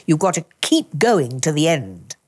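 An older woman with a Glasgow Scottish lilt speaks in a lower register, her intonation rising and falling freely. She shapes her vowels fully and clips her consonants crisply, and she never lets a sentence trail off. This is a relaxed interview conversation. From Britain. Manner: crisp, deliberate enunciation with emphatic word endings. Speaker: actress and author, interview guest.

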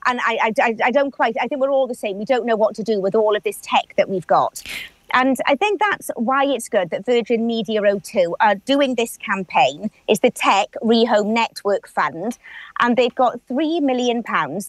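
A woman's voice: fairly high pitch, dry recording. A woman in her forties with a Swansea Welsh accent, chatting earnestly as an actress guest in a radio interview. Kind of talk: radio interview, casual chat.

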